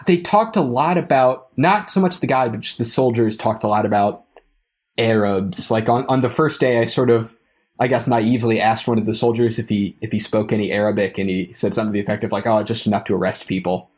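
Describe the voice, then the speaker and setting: A young man co-hosting a casual podcast, recounting a trip in a halting, wry way with frequent small laughs. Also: on the low side. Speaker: podcast co-host, trip returnee.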